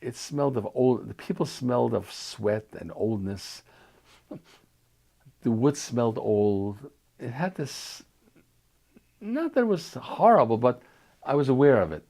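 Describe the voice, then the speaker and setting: A man's voice: medium pitch, very animated, unhurried, long pauses, dark tone. An older man from New York reminiscing in an oral history interview, talking loosely with restarts and fillers.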